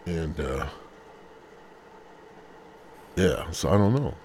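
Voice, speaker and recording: A man's voice: a bass voice, drawn-out words, darkish tone, a little hiss or hum. A man hosting a podcast from his bed at home, talking casually in a rambling, profane, slangy way. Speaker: podcast host.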